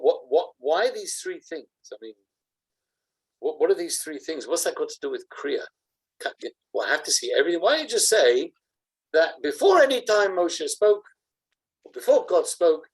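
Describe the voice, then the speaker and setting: A man, a rabbi giving a Torah class, animated and jokey, acting out examples as he explains. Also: a little high, breathy edge, rough recording.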